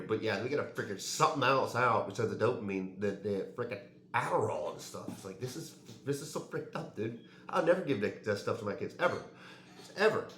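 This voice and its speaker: A man's voice: on the low side, reverberant. A man ranting casually and heatedly to the camera, swearing and saying "dude" and "like" often. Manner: heated, profane, says "dude" and "like" a lot. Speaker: fitness vlogger.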